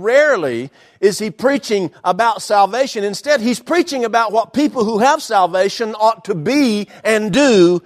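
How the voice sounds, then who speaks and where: High-voiced man preaching a sermon. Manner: dynamic preaching with dramatic pauses and emphatic repetition; folksy humor. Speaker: pastor. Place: church sanctuary.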